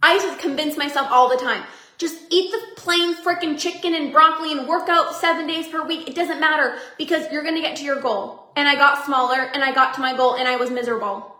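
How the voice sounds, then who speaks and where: A woman coach and podcast host giving an energetic, upbeat motivational talk to her members, often laughing. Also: high voice, fairly quick, reverberant.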